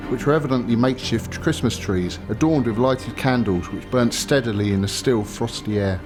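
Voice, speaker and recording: A man's voice: mid-range voice, normal speed, natural voice. A man reading as a wondering WW1 soldier over music. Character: young British WW1 soldier writing home.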